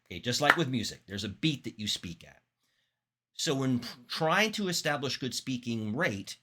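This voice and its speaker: A man teaching public speaking in an instructional talk, demonstrating vocal techniques with expressive examples. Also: medium pitch. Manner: demonstrates voices, animated and expressive.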